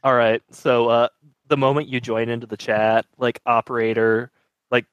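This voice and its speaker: A man running a tabletop role-playing game as game master, halting and full of fillers, with a wry tone. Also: medium pitch, flat delivery, clear, resonant tone, no echo, lo-fi sound.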